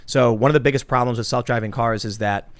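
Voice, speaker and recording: Man, podcast host, casual discussion, animated, acts out voices, dry studio sound. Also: mid-range voice, fast, no echo.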